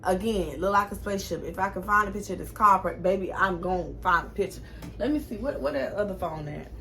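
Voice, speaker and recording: A woman in her twenties telling a casual storytime to camera, chatty and animated, swearing freely. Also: medium pitch, brisk, vocal fry, noisy background. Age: 20s. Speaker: vlogger.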